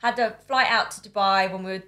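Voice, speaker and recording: A woman co-hosting a casual group chat podcast, telling stories in an animated way. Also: mid-range voice, fast talker. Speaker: podcast co-host.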